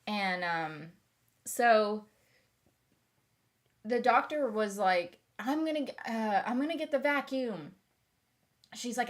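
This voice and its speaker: A woman's voice: fairly high pitch, slow pace, long pauses. A young woman telling a long personal story in a casual vlog, rambling with fillers and restarts. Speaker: vlogger.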